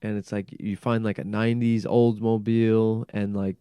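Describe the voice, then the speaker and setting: A man hosting a casual in-studio podcast conversation, animated, peppering his talk with swearing and "like.". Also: fairly low pitch, normal speed, clear, resonant tone, no echo. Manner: animated, frequent swearing and filler "like". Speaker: podcast host.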